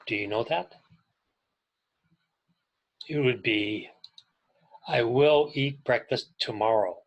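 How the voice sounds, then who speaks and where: Slow, patient male English teacher. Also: medium pitch, low-quality recording. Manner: patient, deliberate, pauses for learners to repeat. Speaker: ESL teacher. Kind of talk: slow, clear classroom instruction with repeat-after-me drills.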